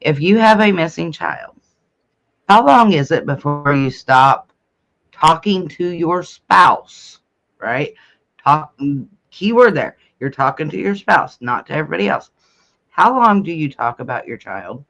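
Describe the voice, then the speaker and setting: A man's voice: on the high side, lively intonation, unhurried, gravelly, fairly bright tone. A man hosting a live stream who fires pointed questions at his guest and the chat and demands answers. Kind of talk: casual live-stream commentary. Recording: dull lo-fi sound.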